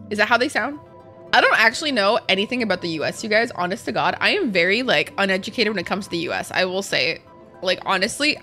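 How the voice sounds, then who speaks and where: Woman streamer, bright edgy voice, swears freely and banters with chat, faint music underneath. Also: medium pitch. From Canada. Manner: chatty, profane, quick to react to chat, switches into Arabic. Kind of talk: casual live-stream chat while gaming.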